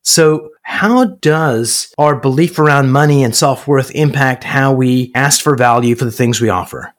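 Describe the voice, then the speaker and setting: A man's voice: medium pitch, measured pace. Man, podcast host, chatty, tells stories with quoted voices. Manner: storytelling, acts out quoted voices. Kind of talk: conversational interview.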